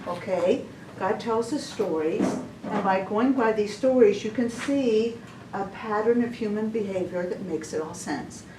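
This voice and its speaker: A woman's voice: medium pitch, unhurried. A woman giving a casual testimony at a church women's session, chatty and full of restarts. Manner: chatty, stumbling restarts, laughs often. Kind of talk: informal testimony talk. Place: church hall. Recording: echoey room, mic far off, noisy.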